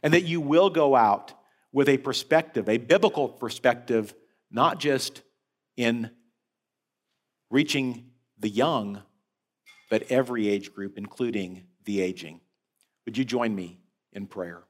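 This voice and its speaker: A man preaching a sermon as head of a senior-care ministry, telling a story with animated rises and falls. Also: mid-range voice, unhurried, pauses often. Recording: long hall reverb.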